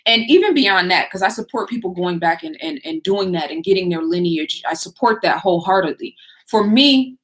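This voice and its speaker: A woman's voice: lowish voice, a bit bright. A middle-aged woman hosting a live Q&A, talking to her viewers in a loose conversational way with frequent fillers and restarts. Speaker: host answering viewer questions. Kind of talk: casual live Q&A talk.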